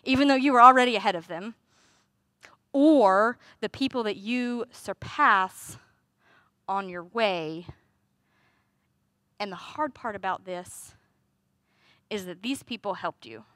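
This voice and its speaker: A woman's voice: medium pitch, slow pace, pauses often, sharp tone, dry recording, studio quality. A woman preaching a sermon in a conversational way, with rhetorical questions and playful asides.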